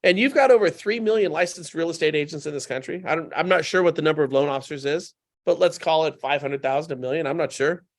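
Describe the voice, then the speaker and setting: Guy on a podcast, fairly high voice, tells stories with lots of energy, hammers his points home by repeating them. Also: fast talker. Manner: animated anecdotal storytelling; emphatic, repeats points for effect. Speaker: podcast guest. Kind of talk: casual podcast conversation.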